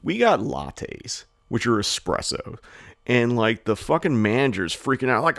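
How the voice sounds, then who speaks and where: Gravelly-voiced man telling a story. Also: mid-range voice, moderate pace, no echo, clean studio sound. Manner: rambling storyteller, swears a lot, animated when mimicking people. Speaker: podcast co-host. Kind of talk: casual chat.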